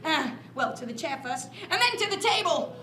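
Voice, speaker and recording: A woman's voice: high-pitched, normal speed, slight background noise. Playful woman storyteller in an echoey library. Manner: animated, playful, with sound effects. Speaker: children's storyteller. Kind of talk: interactive storytelling for children. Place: library room. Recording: echoey room.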